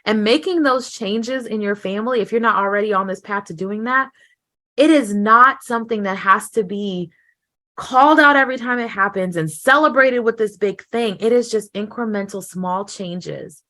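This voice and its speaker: Woman expert in an interview, lively, does little voices when she quotes people. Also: mid-range voice, normal speed. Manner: animated, acts out quoted voices, laughs often. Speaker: guest, emotional intelligence expert. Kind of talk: conversational interview.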